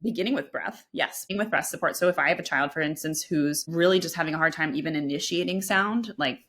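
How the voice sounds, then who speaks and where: Low-voiced woman speech therapist explaining. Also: quick pace, fairly bright tone. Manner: explanatory, repeats words when restarting. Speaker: speech-language pathologist guest. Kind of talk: expert explaining in a podcast interview.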